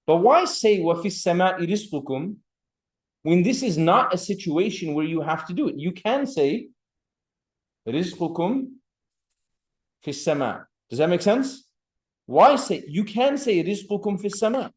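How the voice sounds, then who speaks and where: A man with a slightly high voice lectures a seminary class on grammar. He switches between English and recited Arabic phrases and calls on students by name. His delivery stays lively and hands-on. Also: brisk.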